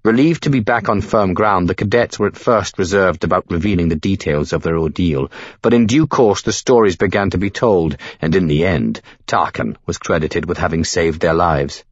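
Deep-voiced man reading a novel aloud. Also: breathy edge, no room sound, lo-fi sound. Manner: measured storytelling delivery. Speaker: audiobook narrator. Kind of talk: scripted narration.

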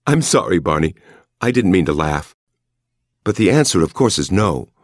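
A man voicing a young woman lover in an audiobook, breathy and pleading, with a raised pitch. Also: very animated, normal speed, dry recording, clean studio sound. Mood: breathless tender.

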